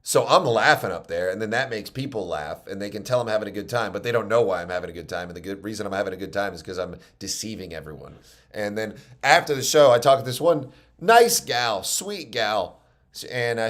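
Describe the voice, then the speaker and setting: A man with a New York accent, a stand-up comedian telling stories in a casual, rambling monologue, mocking himself and often restarting his sentences. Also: on the low side.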